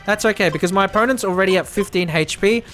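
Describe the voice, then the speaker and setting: A man's voice: high voice, fast, fairly bright tone, faint music behind. A man streaming a video game live, chatting and laughing while reading character lines aloud. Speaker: VTuber streamer. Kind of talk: live gameplay commentary with dialogue read-aloud.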